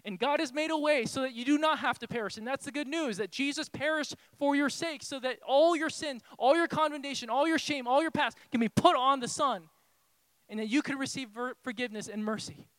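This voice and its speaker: A man preaching a sermon as pastor in a church, impassioned and pleading, swinging from hushed tones to shouting. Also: very high-pitched, brisk, no echo. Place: church hall.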